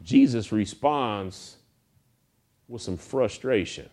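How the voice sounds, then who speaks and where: A man preaching a sermon, telling stories in a folksy, animated way. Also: on the low side, takes it slowly. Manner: folksy, animated storytelling with acted quotes. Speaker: pastor.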